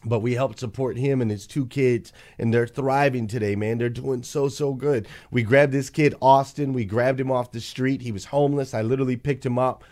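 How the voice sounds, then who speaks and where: A man's voice: mid-range voice, fairly even intonation, normal speed, few pauses, a little mellow. Earnest male host rallying his community. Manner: earnest, repetitive, addresses listeners as y'all. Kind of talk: emotional community pep talk.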